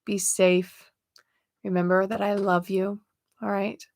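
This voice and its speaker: A woman's voice: mid-range voice, little pitch movement, takes it slowly, creaky, darkish tone, no echo. A woman hosting a spiritual livestream, chatting casually with viewers while she reads oracle cards and laughs often. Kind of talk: casual live chat reading oracle cards.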